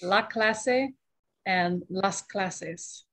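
A woman student speaking extremely slowly, with careful, hesitant pauses as she tries new vocabulary. Her voice sits at an ordinary middle pitch. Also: fairly bright tone. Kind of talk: language class practice.

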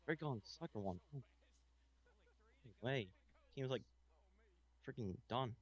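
Young guy cheering his driver on, mid-pitched, kinda muffled sound. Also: animated, slow pace, breathy edge.

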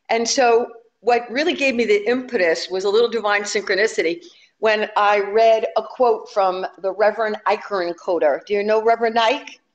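A woman minister giving a sermon in a conversational, humorous way. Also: medium pitch. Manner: conversational and humorous, telling jokes to the congregation.

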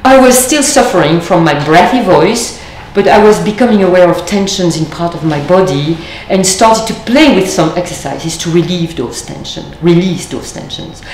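In an echoey room with a little background noise, a French-speaking woman delivers a thoughtful lecture, pausing deliberately. Her voice is on the low side, slightly mellow, and animated.

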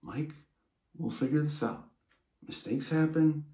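A man voicing a worried mother who speaks softly and half-whispers to her son, in a roomy space. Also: medium pitch, moderate pace, voice pushed down, close to an everyday voice. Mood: hushed.

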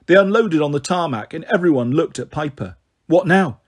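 A man reading a novel aloud in a steady storytelling voice, giving the characters their own voices. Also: a little high, a little fast. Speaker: audiobook reader.

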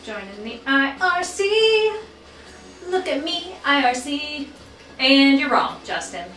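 A woman's voice: high voice, sing-song, slow, fairly bright tone, echoey room, recorded from a distance, faint music behind. A woman co-hosting a show, chatting casually and clowning around while the mic gets checked. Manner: playful, sings and clowns around. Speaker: podcast co-host. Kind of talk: casual chat before going live.

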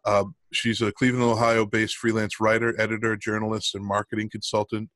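A man's voice: fairly low pitch, level tone, a little fast, a bit bright, no echo. A middle-aged man co-hosting a podcast in casual chat, rambling with lots of ums and restarts. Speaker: podcast co-host.

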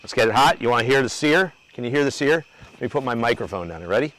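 A man's voice: mid-range voice, expressive, fast, a bit bright, poor audio. Man, grill host, easygoing banter, outdoor cooking demo. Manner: loose, joking, talks to crew and viewers.

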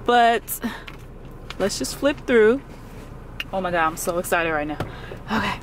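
A young woman vlogging from her car, gasping and exclaiming as she talks quickly and excitedly. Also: medium pitch, a little hiss or hum. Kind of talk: excited casual vlog. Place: in a parked car. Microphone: phone camera held close.

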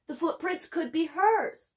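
A woman voicing a worried, determined mother who speaks in a forceful, insistent way. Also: very high voice, expressive, unhurried, voice pushed up. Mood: hopeful.

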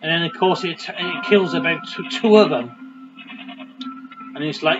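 A man's voice: a little high, measured pace, pauses often, fairly bright tone, highs cut off, faint music behind. A man casually commentating a video game, chatty and joking as he rambles. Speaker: let's play host.

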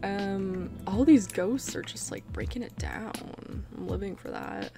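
Young woman, casual gameplay chatter, easily spooked, vocal fry, game music behind. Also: mid-range voice, wildly swooping pitch, unhurried. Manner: chatty, easily startled, self-mocking. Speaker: gaming video creator.

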